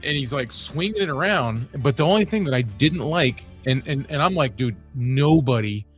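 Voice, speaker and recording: A man's voice: mid-range voice, expressive, moderate pace, faint music behind. A man co-hosting a podcast, chatting casually, laid-back and skeptical. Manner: laid-back, skeptical, short agreeing replies. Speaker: podcast co-host. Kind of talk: casual chat.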